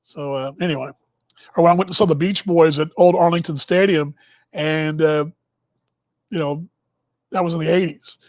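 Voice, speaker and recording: A man's voice: a little high, fairly even intonation, normal speed, pauses often, no room sound. A man in his fifties from Texas, hosting a broadcast and telling casual, rambling stories with chuckling asides and self-interruptions. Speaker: broadcast host. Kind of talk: casual storytelling monologue.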